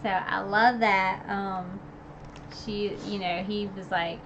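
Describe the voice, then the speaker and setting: A book reviewer is streaming a recap of a novel, chatting casually and rambling with plenty of fillers and asides like "like" and "you know." Her mid-range voice holds a steady tone at a slow pace, and the audio is dull with background noise.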